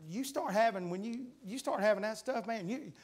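This high-voiced man is a guest preacher giving a revival sermon in a church sanctuary, speaking at a normal speed. His fervor builds into shouting as he pleads, and he reads scripture in King James language.

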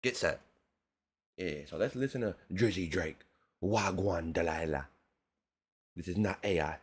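A man hosting a music reaction video, talking in a casual, slangy way with animated, mock-outraged rants. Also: sits low, a little slow, long pauses.

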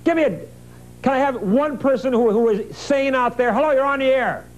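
A brash, high-voiced man hosting a call-in show. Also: fairly quick, poor audio. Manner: abrasive, insulting, cuts callers off. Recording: faint hum, 1980s TV broadcast.

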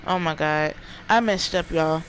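A gaming streamer giving live commentary while playing, jumpy, often yelling and laughing and talking to the chat. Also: medium pitch, measured pace, a little hiss or hum, low-quality recording.

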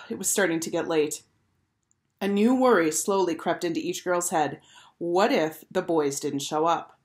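A woman teacher reading a children's chapter book aloud with clear, expressive storytelling. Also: fairly low pitch, moderate pace.

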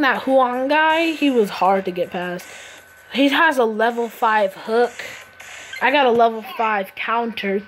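Slow, playful woman trash-talking through a game. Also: on the high side. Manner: playful trash-talk, laughs at opponents. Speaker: mobile game player. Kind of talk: casual gameplay commentary. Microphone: phone screen recorder.

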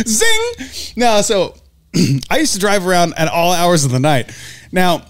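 A man's voice: high voice, sing-song, slight background noise. A man co-hosting a podcast, teasing and swearing in casual banter, then telling a road story. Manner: teasing, profane, quick to laugh. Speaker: podcast co-host; former long-haul driver.

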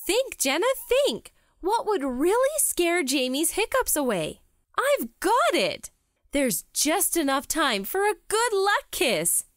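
A woman's voice: very high voice, huge pitch swings, slow pace, a bit bright, no room sound, clean studio sound, voice pushed up, exaggerated voice. A woman voicing an eager, bossy young schoolgirl who wants to be the star, in a children's storybook read-aloud. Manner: bouncy, coaxing, dramatic.

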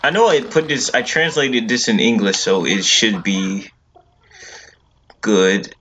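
A man's voice: on the low side, slow pace, a bit bright, slight background noise. A man giving casual let's-play commentary on a horror game, jittery and repeating himself over and over. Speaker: gaming video creator.

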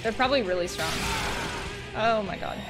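A young adult woman giving casual, excitable, sweary gameplay commentary as a streamer. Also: medium pitch, moderate pace, music in the background. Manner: excitable and sweary, laughing often and switching between voices. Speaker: gaming streamer.

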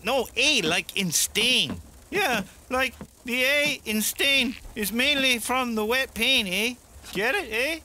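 An actor voicing a friendly, chatty Canadian camper with a Canadian accent and a folksy drawl, tacking "eh" onto everything. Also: male voice, very high-pitched, slow pace, bright, forceful tone, slight background noise, full character voice. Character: jolly Canadian camper man, chatty backwoods brother.

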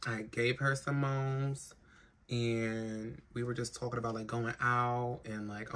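Speaking slowly in a very deep voice with fairly even intonation, a trans woman talks to the camera in a casual vlog from her big-city home. She's exhausted from crying and rambles frankly, with plenty of swearing. Faint city sounds can be heard.

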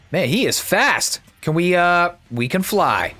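A man giving casual, excitable gameplay commentary as a YouTuber, chatty and thinking out loud. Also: high voice, a little slow.

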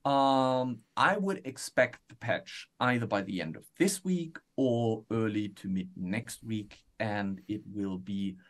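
A man on a live stream, casually explaining a software patch, with frequent ums and an easygoing manner. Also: fairly low pitch, slow, few pauses. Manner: relaxed, explains plainly, many ums. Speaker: developer guest on a product stream.

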